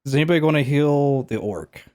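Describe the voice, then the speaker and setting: A man's voice: on the high side, expressive, fairly quick, darkish tone. Matter-of-fact male game master. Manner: matter-of-fact rules calls. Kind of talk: running a tabletop game.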